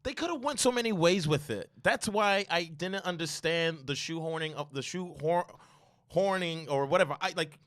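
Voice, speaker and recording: A man's voice: fairly high pitch, moderate pace, a bit bright. A man co-hosting a podcast, exasperated and swearing as he rants about a movie. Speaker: podcast co-host. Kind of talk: casual movie review chat.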